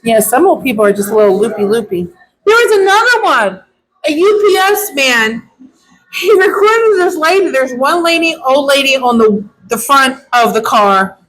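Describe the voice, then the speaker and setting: Woman dog groomer, high voice, blunt and opinionated in casual chat. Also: sing-song, normal speed, fairly bright tone, poor audio.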